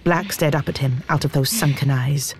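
An audiobook narrator reading fantasy in a measured, dramatic storytelling manner. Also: medium pitch, steady tone, a crowd in the background. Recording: music bed under narration. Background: background music.

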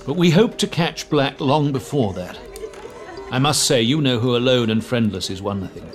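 An actor playing a fussy, self-important middle-aged government minister recounting events earnestly. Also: male voice, mid-range voice, animated, moderate pace, soft background music, some chatter behind, close to an everyday voice. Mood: evasive.

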